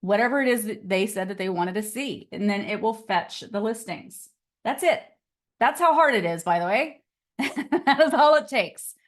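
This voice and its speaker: A woman's voice: medium pitch, lively intonation, moderate pace. A woman teaching a casual live online class on real estate, chatty and upbeat and often laughing, on a computer mic over a video call.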